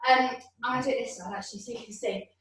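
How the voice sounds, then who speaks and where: A woman's voice: a little high, fairly even intonation, very fast, a bit bright. A woman leading an online exercise class from home over a video call, encouraging and counting out reps, at times out of breath. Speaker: fitness instructor. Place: room at home. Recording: very echoey room, voice from far off.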